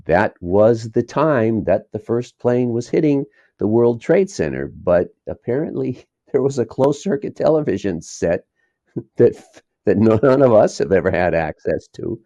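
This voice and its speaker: Low gravelly guy rambling on in an interview, swoopy voice, dull lo-fi sound. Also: very animated, measured pace, warm tone, dry recording. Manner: rambling, digressive, chuckles while talking. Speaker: documentary filmmaker, guest. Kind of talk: casual interview talk.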